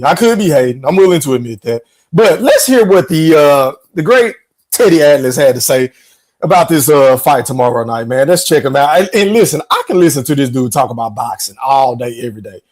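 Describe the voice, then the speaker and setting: Lively high-voiced man giving opinions. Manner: opinionated, profane, talks to viewers directly. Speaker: podcast host. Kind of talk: casual commentary reacting to clips.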